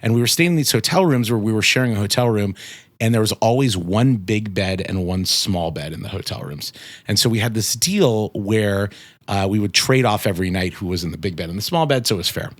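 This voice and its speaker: A man's voice: on the low side, expressive, brisk, no room sound. A man in his forties telling a personal ghost story as a podcast guest, casually and with lots of filler words. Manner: rambling, full of "like" fillers.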